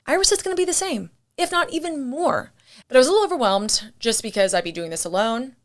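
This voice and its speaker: A woman's voice: high-pitched, lively intonation, quick pace. Chatty woman hosting a solo podcast. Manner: candid, chatty and reflective, with some swearing. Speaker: podcast host. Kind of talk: casual solo podcast monologue.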